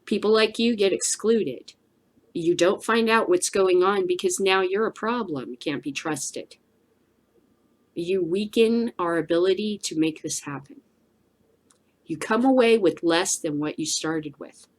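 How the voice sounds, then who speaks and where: A woman's voice: fairly low pitch, measured pace. A woman hosting a cannabis news show, giving blunt, emphatic solo commentary with a preachy edge.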